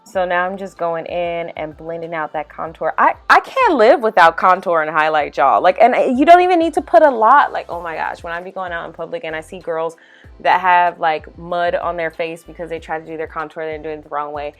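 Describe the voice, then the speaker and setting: A young woman chatting casually as a makeup vlogger, animated and full of "y'all" and "like.". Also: fairly low pitch, fairly quick. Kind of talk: casual voice-over chat. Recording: faint music underneath.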